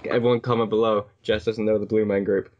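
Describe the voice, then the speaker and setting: A man's voice: lowish voice, fast, dull audio. A man joking and teasing his friends in casual chat over an online call. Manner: joking, playful, deadpan teasing. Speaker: co-host.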